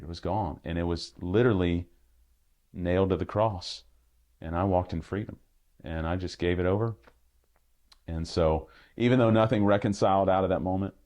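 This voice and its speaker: A middle-aged pastor speaks in an extremely low, deep voice. He tells a personal story earnestly and from the heart, often restarting his sentences and pausing on fillers. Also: a little mellow. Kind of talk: personal testimony in an interview.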